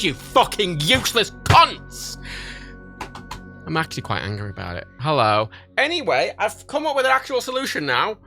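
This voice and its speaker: A man's voice: a little high, sharp tone. A young man hosting a casual livestream from his home office, rambling and swearing as he talks. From Britain. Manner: sweary, rambling, restarts often. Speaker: livestream host.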